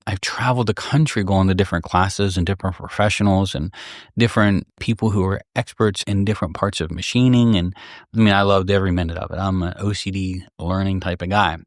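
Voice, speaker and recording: Low-voiced middle-aged gunsmith host. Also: male voice, dry recording, clean studio sound. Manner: candid, rambling, with restarts. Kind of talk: casual storytelling podcast.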